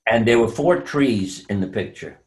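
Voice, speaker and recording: A man's voice: medium pitch, normal speed. An older man recounts personal stories as an interview guest. He slips into the voices of the people he quotes. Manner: anecdotal, acts out quoted voices. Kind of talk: storytelling interview.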